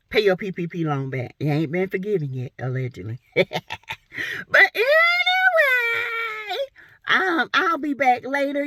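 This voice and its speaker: A woman's voice: mid-range voice, fairly bright tone, dry recording. A woman from South Carolina giving blunt, sassy gossip commentary on reality TV. She talks to her viewers in a playful, exclamatory way.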